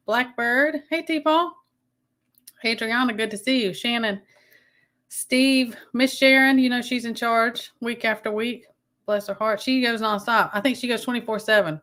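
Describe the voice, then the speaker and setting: This is a woman talking casually on her own livestream. She rambles a little, stops and restarts her thoughts, and greets viewers one by one as they come into the chat. Her voice sits at an ordinary middle pitch for a woman. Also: fairly bright tone. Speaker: livestream host.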